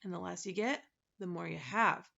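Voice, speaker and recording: A woman's voice: on the low side, normal speed, vocal fry, sharp tone, lo-fi sound, heavily acted. A woman voicing a fussy, many-faced male dodecahedron from a storybook, who talks in a precise, lecturing way. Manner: precise, lecturing, self-satisfied.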